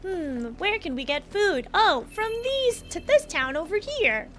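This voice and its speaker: Woman doing a pompous emperor, high voice, haughty mock-posh accent, game stream. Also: very animated, measured pace, fairly bright tone, soft background music, heavily acted. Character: pompous greedy male emperor.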